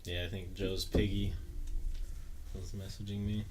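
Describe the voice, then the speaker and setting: A man's voice: low voice, flat delivery, a little slow. A man co-hosting a casual podcast, joking around, laughing and swearing freely. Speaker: podcast co-host. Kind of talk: casual chat.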